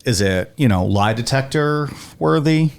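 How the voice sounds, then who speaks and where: Animated, jokey man riffing. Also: mid-range voice, a little slow, gravelly. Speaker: podcast co-host. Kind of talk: casual podcast banter.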